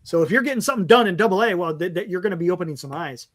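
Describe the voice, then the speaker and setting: High, lively-voiced man hosting a fan show. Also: racing. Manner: frank, rambling, stumbles over player names. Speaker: fan podcast host. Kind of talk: casual postgame fan talk.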